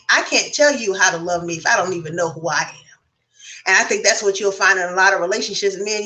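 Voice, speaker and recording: A woman guest on a casual round-table discussion, speaking frankly and reflectively in long turns. Her voice is bright and sits at a middle pitch. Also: rough recording. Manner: frank, reflective, talks at length.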